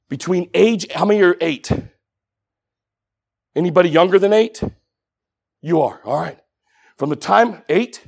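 A man preaching a sermon, telling a story with animation and swinging from hushed tones up to shouting. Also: a little high, gravelly, husky.

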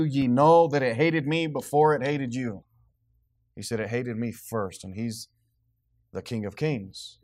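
Man preaching a casual church sermon. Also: mid-range voice. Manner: reads scripture slowly and deliberately, then talks casually with laughs. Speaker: pastor.

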